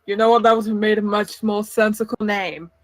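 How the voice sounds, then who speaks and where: A woman's voice: medium pitch, steady tone, a little fast, dry recording. A woman narrating as game master of a tabletop game, in a casual, chatty way.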